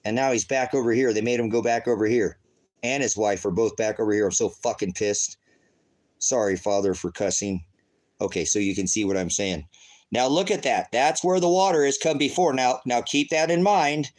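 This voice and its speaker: A man's voice: mid-range voice, normal speed, a little mellow, low-quality recording. Rambling, cussing man preaching online. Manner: rambling, rhetorical questions, profane outbursts. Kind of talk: casual livestream commentary.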